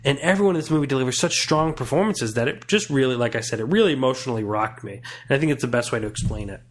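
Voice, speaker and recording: A man's voice: mid-range voice, animated, racing. A young man giving a casual, earnest film review on a podcast, rambling and restarting his thoughts.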